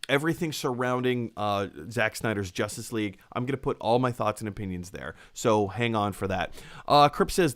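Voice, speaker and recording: A man's voice: mid-range voice, a bit bright. Guy hosting a movie live stream, reads chat messages, lots of uhs and ums, ordinary mid voice. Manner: reads viewer messages aloud, rambling with many fillers. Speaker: podcast host.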